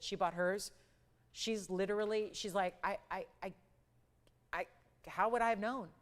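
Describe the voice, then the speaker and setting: A middle-aged woman hosting a live shopping show, pitching jewelry with urgent price countdowns and chatty asides. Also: smooth. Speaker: shopping channel host.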